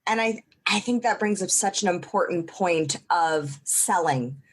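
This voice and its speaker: A woman's voice: fairly low pitch, expressive, measured pace, a little hiss or hum. A woman hosting a casual podcast interview, reflecting thoughtfully in long, run-on sentences. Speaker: podcast host.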